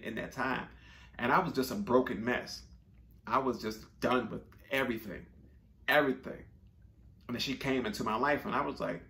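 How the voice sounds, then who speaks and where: A man tells a personal story in a relaxed, conversational way. His voice has a gravelly, creaky edge. He uses slang and often circles back to repeat himself. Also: medium pitch. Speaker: storyteller vlogger. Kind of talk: casual storytelling.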